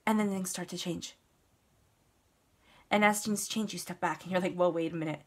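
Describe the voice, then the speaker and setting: A woman's voice: mid-range voice, steady tone, normal speed, husky. A woman giving a casual, earnest tarot reading, talking straight to the listener and repeating words for emphasis. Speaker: tarot reader.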